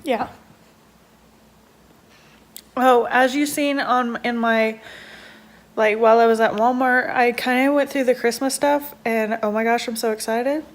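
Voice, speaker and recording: A woman's voice: on the high side, steady tone, measured pace, long pauses. A young woman at home, a stay-at-home mom chatting casually and rambling with lots of fillers in a day-in-the-life vlog.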